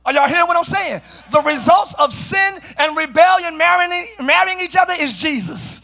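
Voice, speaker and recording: A middle-aged male pastor preaching a sermon in a church, often shouting, with playful asides to the congregation. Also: very high-pitched, animated, moderate pace, vocal fry. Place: church sanctuary.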